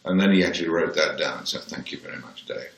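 A man's voice: very deep voice, fast, gravelly, a bit bright, roomy sound, rough recording. A man in his seventies from England with a plummy English accent, telling dry, blunt anecdotes as an interview guest. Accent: posh English, Birmingham-born. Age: 70s.

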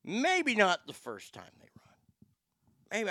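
A man's voice: high-pitched, wildly swooping pitch, slow pace, long pauses, pushed and bright, dry recording. A man hosting a show and delivering heated, sarcastic ranting commentary that is full of profanity. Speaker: show host.

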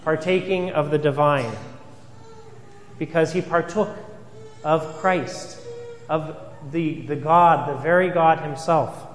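A man's voice: on the high side, fairly even intonation, slow, long pauses, soft background music. A man, a priest, giving an earnest sermon, asking rhetorical questions and repeating key phrases for emphasis. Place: church. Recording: reverberant church hall.

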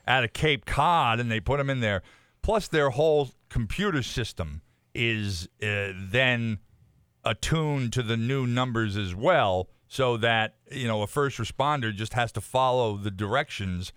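A man's voice: mid-range voice, measured pace, a bit bright, clear, resonant tone, no echo, studio quality. A man on a casual talk show, explaining his points with frequent fillers. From Massachusetts. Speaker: co-host. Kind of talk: casual chat.

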